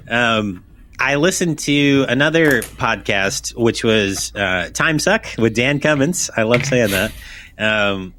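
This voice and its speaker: A man's voice: medium pitch, lively intonation, slow pace, a bit bright, slight background noise. A man hosting a podcast in casual chat, rambling and swearing freely. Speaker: podcast host.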